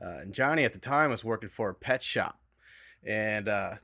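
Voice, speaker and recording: A man's voice: fairly low pitch, expressive, normal speed, pushed and bright, dry recording, clean studio sound. A man appearing as a podcast guest, telling a story in a laid-back way with frequent fillers and "right?"s. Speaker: guest, copier salesman. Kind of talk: comedic podcast banter.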